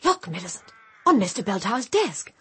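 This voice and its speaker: A woman's voice: mid-range voice, very animated, brisk, breathy edge. A woman playing a breezy, scheming posh lady sleuth in a comic radio play. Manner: breezy, plummy, theatrical.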